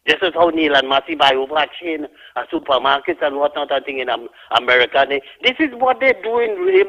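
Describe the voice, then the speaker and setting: A man's voice: fairly high pitch, a bit bright. A man with a Trinidadian accent calling in to a radio show, ranting indignantly. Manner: heated, indignant. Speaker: caller. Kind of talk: call-in radio rant. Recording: muffled phone line.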